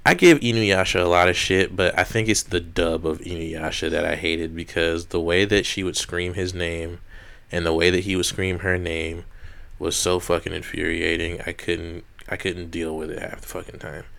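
Young male podcast co-host: low, smooth voice, rambling, swears freely. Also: steady tone, moderate pace, a bit bright. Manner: rambling, profane, jokey. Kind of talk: casual chat.

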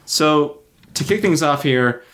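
A man's voice: fairly high pitch, expressive, slow pace, fairly bright tone. Joking male podcast host. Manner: loose, joking, with fillers. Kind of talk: casual chat.

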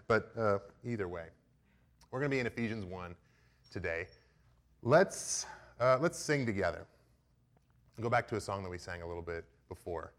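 A man's voice: fairly low pitch, moderate pace. A young man, the preaching minister, speaking casually and jokingly to his congregation in a church before the sermon. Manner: relaxed, joking, direct with congregation. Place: church sanctuary.

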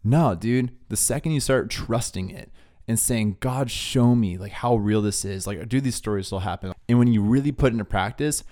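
A young man telling a faith story in a relaxed, casual way, with lots of "dude" and "like" as he talks. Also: on the low side, normal speed. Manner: laid-back, says "dude" and "like" a lot. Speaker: podcast co-host.

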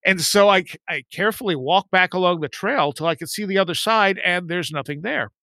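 A man in his forties telling a story in a casual chat, rambling and lively when he quotes his friends. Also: sits high, fairly quick, no room sound.

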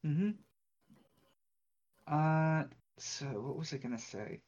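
A player in a tabletop game, thinking aloud in a halting way. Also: mid-range voice, a little mellow, muffled recording. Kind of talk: casual tabletop play.

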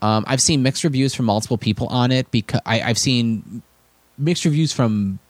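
A young man chatting on a podcast with a middle-pitched voice, close and dry on the mic with no room sound. He tells stories animatedly, stumbles and restarts a lot, and leaps into high voices when he quotes people. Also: normal speed, no room sound. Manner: stammers and restarts often. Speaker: podcast co-host. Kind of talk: casual chat.

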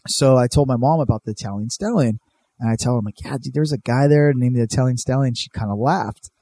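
A man's voice: mid-range voice, quick pace, warm tone. A young man from California, telling a rambling, profane story in casual chat and saying "dude" a lot.

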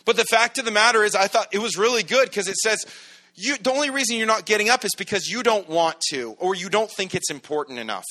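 A man's voice: high voice, lively intonation, fast talker, sharp tone. A male pastor giving a casual, conversational sermon, joking and acting out little everyday scenes.

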